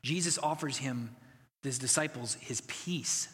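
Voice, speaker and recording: A man's voice: mid-range voice, a little slow, fairly bright tone, big-room sound. A man preaching a sermon as pastor, earnest and conversational, building to emphatic passages.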